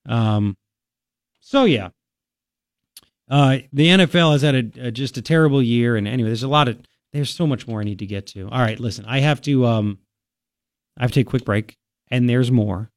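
A man's voice: mid-range voice, moderate pace, pauses often, no echo. A man hosting a talk radio show, rambling and opinionated with a sarcastic edge, speaking into a studio microphone. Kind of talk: casual talk radio commentary.

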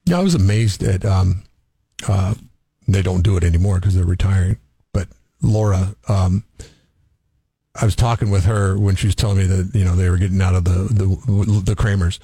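A man's voice: deep voice, normal speed, gravelly, mellow, husky, dry recording. A man co-hosting a casual morning radio show, rambling wryly through stories. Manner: rambling, wry, storytelling.

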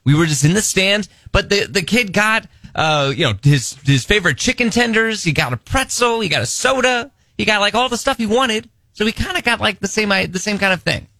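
A man's voice: high-pitched, a little fast, hardly any pauses, dry recording. A man co-hosting a morning radio show, telling a story and acting out what people said. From Missouri. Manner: animated storytelling, acts out quotes. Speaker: radio co-host. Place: radio studio. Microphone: studio microphone.

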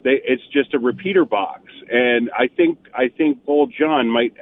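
A man's voice: mid-range voice, measured pace. A man calling into a radio show who rambles through a story about a coworker and laughs along the way. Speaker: caller. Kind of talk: phone-in chat. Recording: tinny phone line.

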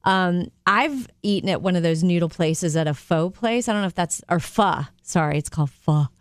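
A woman co-hosting a casual chat show, upbeat and quick to laugh as she introduces stories. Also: fairly low pitch, dry recording. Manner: upbeat, laughs often, teases co-host. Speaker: co-host.

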